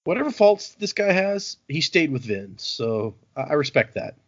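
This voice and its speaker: A man hosting a podcast, casually recapping a book chapter and acting out the characters' lines in an animated way. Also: on the high side, normal speed. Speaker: podcast host. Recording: dull lo-fi audio.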